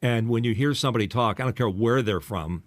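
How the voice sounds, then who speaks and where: A man's voice: mid-range voice, fairly quick, no room sound, studio quality. An older man from the eastern United States, a former radio DJ hosting a casual podcast chat. He has a polished radio voice and a teasing, rambling way of talking with lots of fillers.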